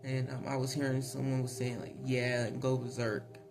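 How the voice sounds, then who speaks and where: A man giving a casual spiritual tarot reading, chatty, laughing often and filling pauses with ums. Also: medium pitch, level tone. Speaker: tarot reader. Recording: voice over clear background music.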